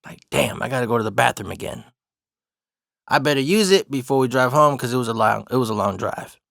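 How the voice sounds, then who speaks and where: A man in the middle of a casual personal story, cursing freely and laughing along as he goes. His voice sits at an ordinary middle pitch. The sound is close and dry, with no room around it. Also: animated, a little fast, gravelly, a bit bright, no room sound. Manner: profane, laughs through the story.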